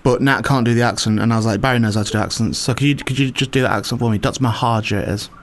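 A man's voice: medium pitch, steady tone, rapid-fire. Teasing man chatting casually. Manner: teasing, pushy prankster. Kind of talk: casual chat.

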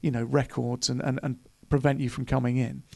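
A man's voice: mid-range voice, level tone, a little fast, vocal fry, warm tone. A man interviewing a guest, asking playful, chatty questions.

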